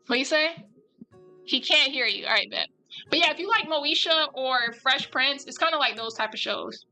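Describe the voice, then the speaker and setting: A woman's voice: sits high, expressive, moderate pace, bright, forceful tone, faint music behind, poor audio. A woman chatting casually and animatedly with her viewers while drawing live, in a rambling style.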